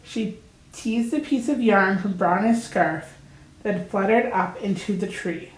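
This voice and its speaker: A woman reading a children's story aloud, gentle and deliberate. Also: medium pitch. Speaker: storybook reader. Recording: roomy echo.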